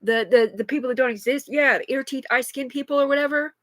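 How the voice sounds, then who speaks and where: In this unscripted phone livestream, a woman likely in her thirties rambles agitatedly and swears heavily. Her voice sits high and is a bit bright, she talks at a quick pace, and there's no room sound.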